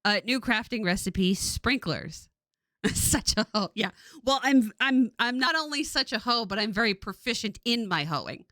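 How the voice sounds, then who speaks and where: A woman's voice: on the high side, moderate pace, dry recording. A woman in her forties from California, chatting casually and laughing often while streaming a game. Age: 40s. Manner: rambling, laughs often, animated.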